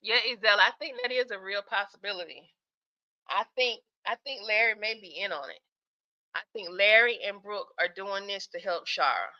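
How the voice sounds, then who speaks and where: A woman's voice: mid-range voice, normal speed, sharp tone, dull audio. A woman hosting a live stream, chatting casually with viewers about skits, sleepy and yawning as she talks. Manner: chatty, talks straight to the chat, laughs often.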